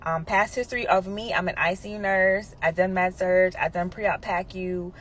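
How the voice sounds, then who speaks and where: A woman in her thirties recounting her own story straight to her viewers, chatting in a relaxed way with many asides. She keeps checking in with the listener as she goes. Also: fairly low pitch, normal speed. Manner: conversational, with frequent asides and "right?" check-ins. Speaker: nurse telling a personal story. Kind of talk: casual storytelling to camera.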